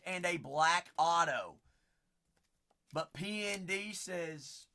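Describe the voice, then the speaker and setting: A man's voice: fairly high pitch, slow, bright, forceful tone. A young man with a Southern Kentucky twang, hosting a live card-break stream with folksy, hyped sales banter.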